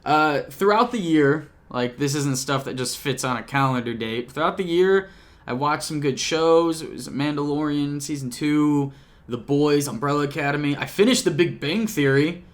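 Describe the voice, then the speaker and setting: A man's voice: a little high, normal speed. A young man chatting casually to a camcorder at home, rambling and joking, often cutting himself off mid-sentence. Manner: rambling, self-interrupting, jokey. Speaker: YouTuber. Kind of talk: casual vlog recap. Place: home apartment.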